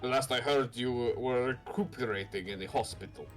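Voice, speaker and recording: A man's voice: mid-range voice, normal speed, natural voice. A man voicing a stern courtroom judge and officials, reading game dialogue in a commanding, formal way.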